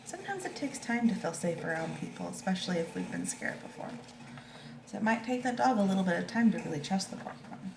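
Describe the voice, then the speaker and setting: A woman teacher reading a picture book to children and talking it over with them in a gentle, reassuring way. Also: mid-range voice, expressive, creaky. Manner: gentle, slow and reassuring, asks children questions. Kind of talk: storybook read-aloud with discussion. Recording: echoey room with faint background noise.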